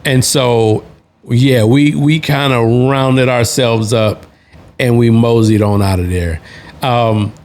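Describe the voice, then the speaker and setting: A man spins a casual story as the host, at an everyday mid pitch. He rambles and restarts his sentences, talking in loose slang. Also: steady tone, slow pace, a little mellow. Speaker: podcast host, Navy veteran.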